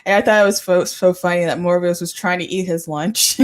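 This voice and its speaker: A woman co-hosting a podcast, chatting casually about a show in a relaxed, agreeable way and laughing often. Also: lowish voice, fairly quick. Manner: relaxed, agreeable, frequent back-channel and laughter. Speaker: podcast co-host. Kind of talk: casual review chat.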